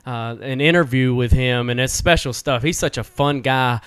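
A man's voice: medium pitch, moderate pace, fairly bright tone, clear, resonant tone, no room sound. A man hosting a sports podcast, talking in an easygoing way with "uh" fillers. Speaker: podcast host. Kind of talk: casual interview.

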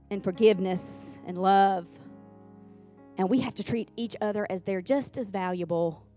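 A woman preaching a sermon in a church, folksy and repetitive, calling on the congregation to respond. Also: medium pitch. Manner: folksy, repeats lines for emphasis, calls on the congregation. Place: church sanctuary.

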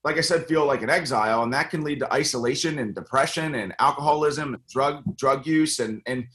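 A man's voice: medium pitch, fairly quick, noisy background. A middle-aged American man speaking earnestly in a casual interview as a congressional candidate, with many fillers and restarts. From United States.

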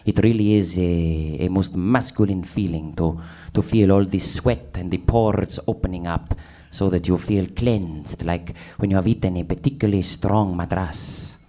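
A flattering Spanish journalist, as an actor puts him on, his voice very deep and low. He hesitates with plenty of "uh"s, all in a thick mock accent for an improvised radio comedy. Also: normal speed, few pauses. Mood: fawning. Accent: put-on Spanish. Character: fawning Spanish male journalist Juan. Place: live stage before an audience.

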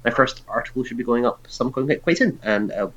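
A man's voice: mid-range voice, a little fast, muffled recording. A man co-hosting a podcast in casual chat, talking earnestly and rambling with fillers. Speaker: podcast co-host.

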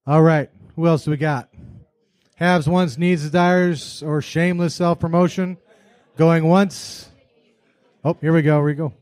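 A man's voice: on the high side, fairly even intonation, a little slow, a little mellow, no echo. Upbeat man emceeing a meetup. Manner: upbeat, calling people up to speak. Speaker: meeting host.

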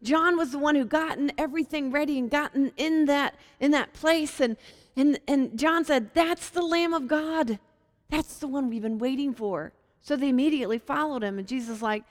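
A woman from Virginia teaching a Bible passage in a casual, animated way, acting out the quotes in lively voices. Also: high-pitched, a little fast, long reverb tail. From Hampton, Virginia.

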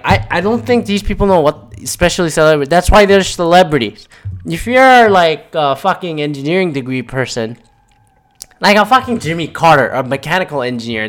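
Rambling, profane male podcast host. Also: mid-range voice. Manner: rambling, profane, animated retellings. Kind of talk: casual monologue.

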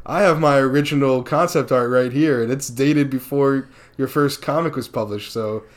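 A man's voice: mid-range voice, normal speed, close to an everyday voice. A man putting on the voice of a smug, slick businessman brushing someone off with breezy confidence.

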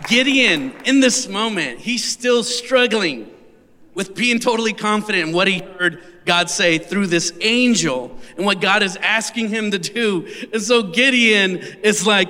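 A man preacher telling a story in his sermon with lively, casual asides. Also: high-pitched, a little slow. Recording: long hall reverb.

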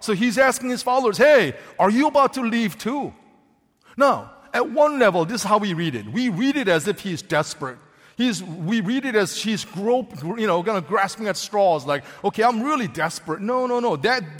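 Animated high-voiced male preacher. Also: long reverb tail. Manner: animated, questions the congregation directly. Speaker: pastor. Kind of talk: sermon.

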